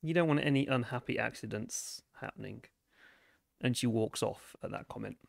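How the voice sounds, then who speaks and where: A man running a tabletop game as game master, describing scenes in a halting, detailed way. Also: medium pitch, creaky, dry recording, studio quality.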